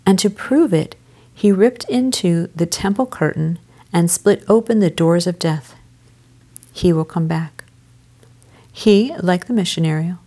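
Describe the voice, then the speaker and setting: Solemn low-voiced woman telling a sermon story. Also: a little mellow. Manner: measured, emphatic, solemn. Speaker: devotional storyteller. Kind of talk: dramatic sermon narration.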